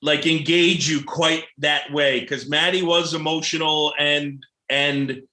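Bright-voiced man in an echoey room. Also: a little high, fairly even intonation, slow. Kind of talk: casual chat.

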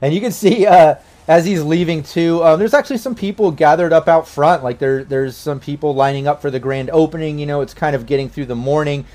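Casual male game master, slightly high. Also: brisk, hardly any pauses, darkish tone. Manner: casual, rambling with fillers. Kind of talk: narrating a tabletop game.

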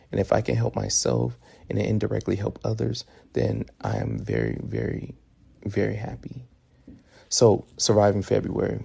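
A man's voice: on the low side, vocal fry, dark tone, breathy edge. A young man hosting his own podcast, talking casually in a loose, profane way and often stumbling over repeated words. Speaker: podcast host. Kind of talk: casual solo podcast monologue.

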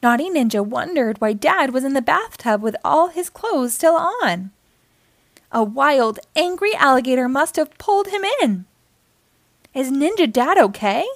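A woman hosting storytime, reading a children's book aloud with expressive storytelling. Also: high voice, moderate pace, dry recording. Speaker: storytime host.

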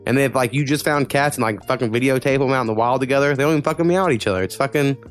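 Male podcast co-host, mid pitch, blunt and profane, ranting in quick bursts over faint music. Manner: blunt, swears a lot, talks in quick bursts. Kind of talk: casual podcast chat.

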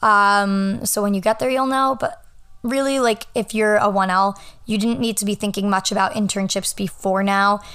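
A woman's voice: mid-range voice, steady tone, normal speed, fairly bright tone, clean tone. Young woman, chatty podcast host, rambling, lots of filler words, casual solo talk. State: yawning, a little tired. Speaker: podcast host, law student.

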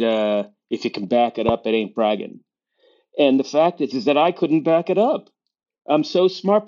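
A man's voice: medium pitch, a little mellow. Wry older man with a Boston accent. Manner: wry, self-deprecating, quick bursts of talk. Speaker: guest, author. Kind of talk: conversational interview. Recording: slightly dull lo-fi audio.

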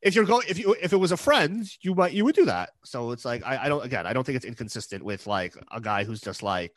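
A man's voice: mid-range voice, lively intonation, quick pace, few pauses, no room sound. A man recapping a TV episode in casual chat, hesitant, with many fillers and restarts. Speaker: podcast co-host recapping an episode.

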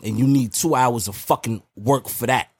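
A man's voice: mid-range voice, normal speed, a little mellow, husky, no echo, studio quality. A man co-hosting a podcast, in casual banter, ribbing his partner in a heated, profane way. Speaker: podcast co-host.

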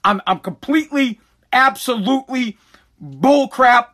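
Male podcast host, furious rant, high voice, stammers and restarts. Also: brisk, sharp tone. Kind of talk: angry live-streamed podcast rant.

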